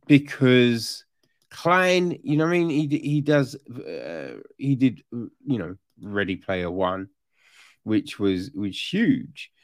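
Animated man ranting in a slow drawl. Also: mid-range voice. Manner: animated, swearing, exasperated. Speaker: book reviewer. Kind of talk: casual ranting review.

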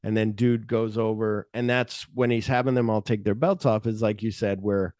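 A man's voice: on the low side, steady tone, normal speed, a little mellow, dry recording, clean studio sound. A man co-hosting a podcast, retelling film scenes in a loose, rambling way with plenty of swearing. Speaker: podcast co-host. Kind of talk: casual movie-discussion chat.

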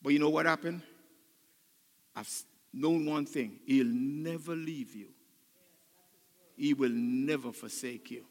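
An older man preaching a sermon as pastor, choked up and emotional, building to loud, fervent passages. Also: medium pitch, takes it slowly, pauses often, long reverb tail. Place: church sanctuary.

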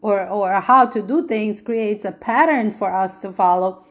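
A woman's voice: medium pitch, measured pace. Earnest woman teaching a Bible study. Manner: earnest, repeats points, asks rhetorical questions.

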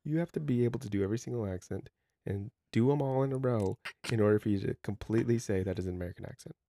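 A man's voice: lowish voice, rapid-fire, creaky, mellow, slight background noise. A man co-hosting a podcast in casual, teasing chat, swearing often. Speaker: podcast co-host. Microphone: podcast microphone.

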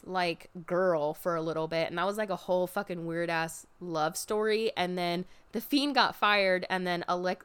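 A woman recapping a show in casual chat, animated and expressive, swearing freely and jumping up in pitch when excited. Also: clean tone. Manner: jumps high in pitch when excited, drops low for asides.

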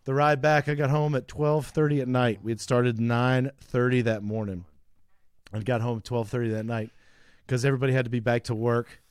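Medium-pitched with little pitch movement, his voice is brisk, darkish, clear and resonant, and the recording has no echo. He's a thirtysomething podcast co-host in casual chat, telling long rambling stories and laughing often.

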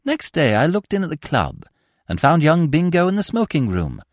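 Male narrator, wry and lively, very dry close sound. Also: a little high, normal speed, dry recording. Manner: expressive, wry storytelling. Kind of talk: audiobook reading of a classic comic novel.

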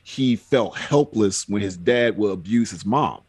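A man's voice: fairly low pitch, expressive, measured pace, a little mellow, slightly rough, no echo. A man chatting on a podcast, telling rambling personal stories with frequent fillers. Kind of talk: casual podcast chat.

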